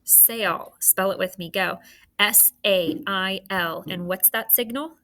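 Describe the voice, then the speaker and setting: A woman teaching a phonics review, slowly prompting children to spell words along with her. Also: medium pitch, sharp tone. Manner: slow and deliberate, prompting the class to spell along. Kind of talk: slow phonics review lesson.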